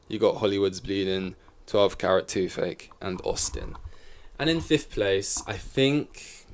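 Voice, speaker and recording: Male podcast host, solo, loose and chatty, trips over himself, sits a bit low. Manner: rambling, self-correcting, swears casually. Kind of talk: casual solo chat. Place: in front of a camera.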